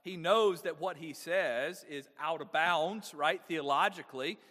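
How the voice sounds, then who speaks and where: Male pastor, high-pitched and animated, asks the room questions; big church reverb. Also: unhurried. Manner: engaging, asks the congregation frequent rhetorical questions. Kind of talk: sermon.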